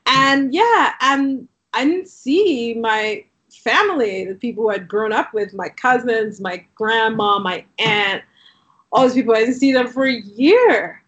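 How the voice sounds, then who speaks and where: Animated London-raised woman, casual chat. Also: on the high side, muffled recording. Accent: London English, shifted by years in Canada. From Southeast London, England. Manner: animated storyteller, frequent "like" fillers, quick asides. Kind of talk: casual conversation.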